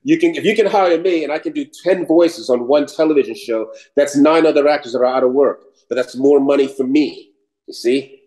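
Middle-aged New comic, chatty, animated raconteur. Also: male voice, a little high, brisk, rough recording. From New York. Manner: animated storyteller, slips into mock British voices. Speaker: actor and comedian guest. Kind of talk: casual interview chat.

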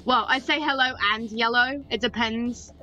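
A woman with a British accent, chatting excitably and giggling as she plays an online game with a friend. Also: a little high, moderate pace. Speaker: gamer. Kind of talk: casual gameplay chat. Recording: lo-fi voice chat with faint game music.

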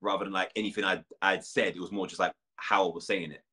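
Guest: young British man, very low voice, fast and candid chat. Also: fairly even intonation, bright, forceful tone. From United Kingdom. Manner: candid, quick, uses many fillers and restarts. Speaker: reality show contestant, guest. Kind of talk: casual interview chat.

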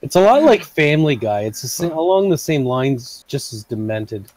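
A man's voice: mid-range voice, big pitch swings, normal speed, darkish tone, no echo. A man playing along on a game stream, chatting easily with the host. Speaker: fellow player. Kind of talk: casual gaming chat.

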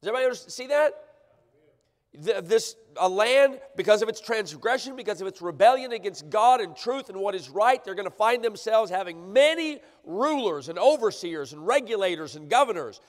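A pastor delivers an emphatic sermon in a church sanctuary, often checking in with the congregation. His voice sits high and is expressive and a little fast, captured on a church livestream with long hall reverb.

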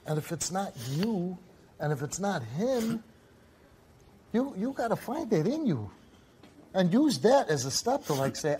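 A man with a fairly high voice hosts a confrontational talk show from a studio stage. He presses his guests hard, forceful and intense, hammering points home by repeating them. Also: sing-song, measured pace, pauses often, slight background noise.

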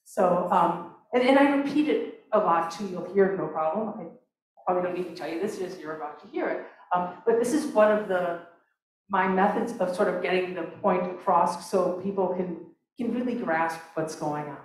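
Brief: woman composer, lowish voice, chatty and halting, recorded from far off in an echoey hall. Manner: chatty, many restarts and fillers. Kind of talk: talk introducing her opera aria.

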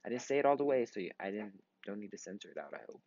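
A man's voice: on the low side, sing-song, fast, a little mellow, lo-fi sound, slight background noise. A tired young man in his twenties giving rambling, casual commentary while playing a computer game, swearing often and breaking into sudden outbursts. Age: 20s. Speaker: gaming vlogger.

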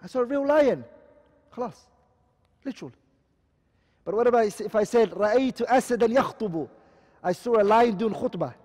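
Male teacher, high voice, lectures and quizzes students, reverberant hall sound. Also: expressive, normal speed, long pauses, darkish tone. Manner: explains terms and keeps asking the class questions. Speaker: Islamic studies teacher. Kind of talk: classroom lecture.

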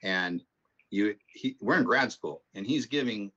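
A math instructor with a very low, deep voice drifts through casual, rambling stories before easing into explaining the material. The audio is muffled and lo-fi, like an online class recording. He sounds relaxed and conversational. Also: unhurried. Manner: rambling anecdotal storytelling. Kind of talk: casual classroom talk and lecture.

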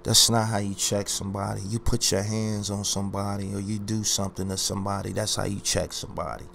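A man's voice: lowish voice, level tone, fairly quick, gravelly, a bit bright, a little hiss or hum. A man ranting on his own commentary channel, boastful and confrontational, hammering his points by repeating phrases. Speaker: YouTube commentary host.

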